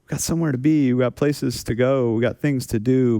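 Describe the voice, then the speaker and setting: A man's voice: mid-range voice, steady tone, fairly quick, warm tone, clean tone. A man preaching a sermon as a pastor, talking casually with self-deprecating humor and repeating phrases for emphasis. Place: church sanctuary.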